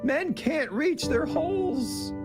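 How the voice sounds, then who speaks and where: A man's voice: very high voice, animated, slow, heavily acted. A man playing a fretful, mock-earnest Canadian male pundit in a comic impression, ranting and apologizing. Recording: clip with loud music behind.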